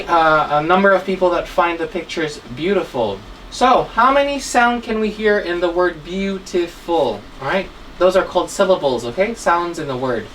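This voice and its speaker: A woman teaching an English grammar lesson, patiently spelling words letter by letter and checking in with "okay?" after nearly every line. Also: lowish voice. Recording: distant mic, faint room noise.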